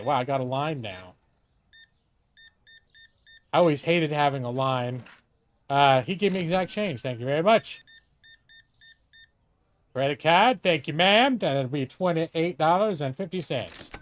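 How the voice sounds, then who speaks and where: A man's voice: fairly high pitch, expressive, measured pace. A middle-aged man streaming a game live, chatting casually with lots of swearing and asides to a co-host. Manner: chatty, profane, talks to himself and a co-host. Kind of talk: live gameplay commentary.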